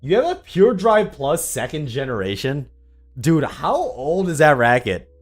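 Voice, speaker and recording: Here the tennis YouTuber's voice is fairly high and very animated, yet his delivery is unhurried. On his livestream the young man answers viewers casually, rambling and sarcastic, with many ums.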